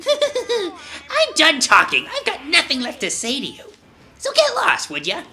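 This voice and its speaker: A woman's voice: high voice, wildly swooping pitch, fast talker, sharp tone, soft background music, heavily acted. A woman voicing a giggling, unstable villainous bear mascot in a let's play reading, taunting and dismissive.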